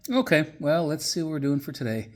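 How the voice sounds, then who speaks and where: A man's voice: fairly high pitch, sing-song, a little fast, soft background music. A man giving a casual workshop walkthrough of his car restoration. He rambles with frequent fillers, swears casually, and sounds slightly winded after an illness.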